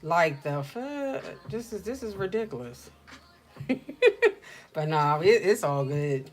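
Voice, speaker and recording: A middle-aged woman hosting a casual livestream chat from home, telling stories in an animated, slangy way. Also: on the low side, slow pace. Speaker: livestream host.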